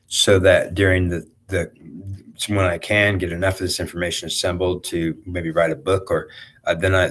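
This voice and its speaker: A man giving a rambling spiritual monologue, halting often with restarts and repeated words. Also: sits low, a bit bright.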